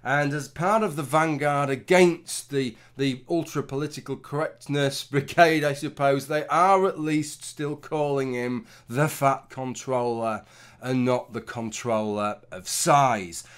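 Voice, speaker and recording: A man's voice: a little high, fairly even intonation, unhurried, hardly any pauses, clear, resonant tone. A middle-aged man giving a casual, rambling opinion commentary, swearing often and restarting his sentences. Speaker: commentary vlogger.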